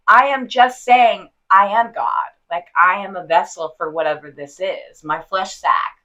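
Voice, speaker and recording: Bright, effusive female podcast host. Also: medium pitch, unhurried, hardly any pauses, rough recording. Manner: effusive, laughs often, says "like" a lot. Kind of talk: casual spiritual chat.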